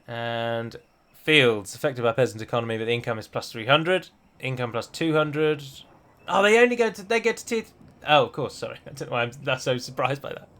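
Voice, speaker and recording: A bright, forward-sounding man talking through a strategy game as he plays. He is chatty and thinks out loud, often poking fun at himself. His voice sits at a middle pitch for a man. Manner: chatty, self-deprecating, thinks aloud. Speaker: game streamer. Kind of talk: let's play commentary.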